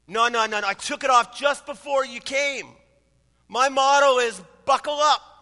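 A man's voice: extremely high pitch, moderate pace, bright, forceful tone, in a large hall, pitched above the performer's own voice, exaggerated voice. A man playing an indignant husband caught speeding, who protests and stammers. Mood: protesting.

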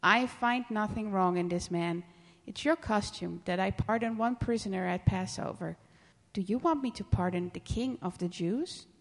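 A woman's voice: mid-range voice, moderate pace, big-room sound, natural voice. A woman voicing an uneasy, impatient Roman governor in a scripture reading, with a raised, questioning tone.

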